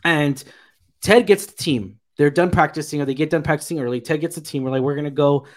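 A man with a slightly raised pitch, talking loosely and eagerly through an episode recap. He rambles, fills gaps with "um" and "you know", and piles on his praise. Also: a little fast. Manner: rambling, filler-heavy, enthusiastic retelling. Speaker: podcast co-host reviewing a TV episode. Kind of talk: casual review chat.

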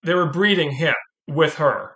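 A man's voice: fairly high pitch, unhurried. A middle-aged man hosting a podcast, chatting casually about a film and animatedly acting out its quotes. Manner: animated, acts out movie quotes. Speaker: podcast host.

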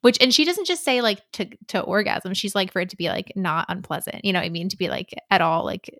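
A young woman co-hosts a casual book podcast and retells scenes in an animated way, full of fillers and blunt swearing. Her pitch is middling. She sounds dry and close to the mic. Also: quick pace, no room sound. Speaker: podcast co-host.

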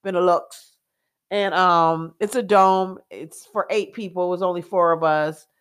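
A woman, co-hosting a casual chat and telling stories in an animated way, with fillers and laughs. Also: on the low side, a little slow, clear, resonant tone. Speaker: co-host.

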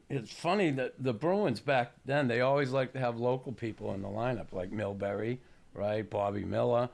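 A man in his sixties, a retired hockey player hosting a chat show, telling stories in a halting, plainspoken way. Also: medium pitch, gravelly. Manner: halting, restarts, plainspoken storytelling. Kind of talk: casual podcast chat.

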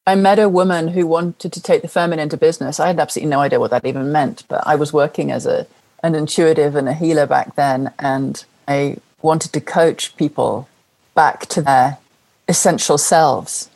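Low-voiced woman, earnest. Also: fairly even intonation, moderate pace, creaky, darkish tone. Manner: earnest, heartfelt, emphatic repetition. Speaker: guest. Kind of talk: personal storytelling in conversation.

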